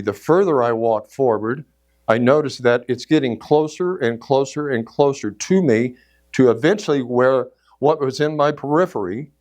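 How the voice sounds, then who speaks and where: A middle-aged man telling a story in a sermon, acting out inner voices and moving from shouts to hushed tones. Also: mid-range voice. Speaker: speaker at a church service.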